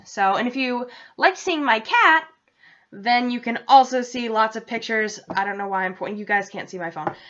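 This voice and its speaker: Young woman rambling on her vlog, kinda high voice, muffled lo-fi sound. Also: animated, moderate pace, a bit bright, a little hiss or hum. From New England. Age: young adult. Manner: rambling, chatty, self-interrupting. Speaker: vlogger. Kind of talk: casual vlog chat. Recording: dull lo-fi home recording.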